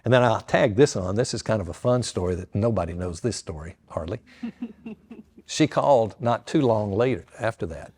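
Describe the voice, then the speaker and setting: An older man, a pastor retelling a story with lively quoted dialogue to an audience. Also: lowish voice, moderate pace, husky.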